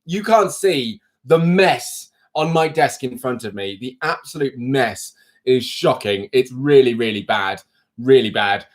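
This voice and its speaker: A man's voice: medium pitch, animated, a little slow. A man from the UK hosting a live stream from his desk at home, chatting casually and rambling with self-mocking asides into his phone. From United Kingdom.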